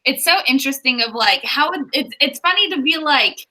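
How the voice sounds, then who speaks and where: A woman with an intensely bright, sharp tone and a fairly high voice, talking on a video call. She is chatty and playful. She slips into teasing asides. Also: expressive, a little fast, rough recording. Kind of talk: casual chat.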